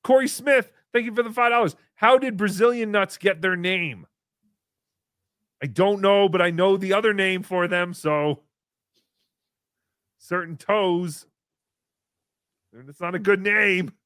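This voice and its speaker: A man hosting a casual livestream, reading paid chat messages with sarcastic jokes. He swings from loud bursts to mumbled asides. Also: high-pitched, measured pace, long pauses, dry recording, studio quality.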